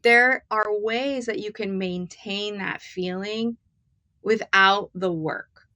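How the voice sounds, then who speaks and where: A woman's voice: mid-range voice, slow, dry recording. A woman co-hosting a casual live morning chat with her husband, talking about relationships and telling stories with frequent laughter. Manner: animated storyteller, laughs often. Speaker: co-host. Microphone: live stream mic.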